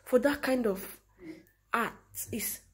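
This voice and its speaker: A woman's voice: fairly high pitch, slow. Earnest Nigerian Igbo woman lamenting. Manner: earnest, lamenting, rhetorical questions. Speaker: commentator. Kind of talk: impassioned monologue mixing Igbo and English.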